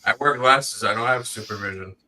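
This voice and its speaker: A man's voice: lowish voice, fairly quick, bright, forceful tone, a little hiss or hum. A man whose first language is French, joking and teasing crudely while tasting beer in a casual chat.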